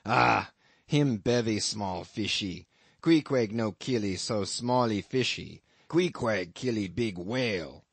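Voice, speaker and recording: Brief: calm, disdainful harpooneer speaking in broken English, slow and low, as a male narrator puts him on. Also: vocal fry, breathy edge, no echo, exaggerated voice. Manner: broken English, mild and unhurried.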